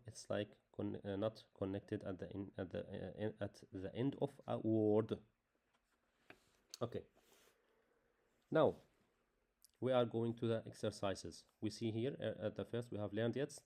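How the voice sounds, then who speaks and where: A man with as his teaches a beginners' lesson in halting English. His voice is low and mellow, and he speaks slowly, repeating himself patiently. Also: fairly even intonation, gravelly. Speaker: Arabic teacher.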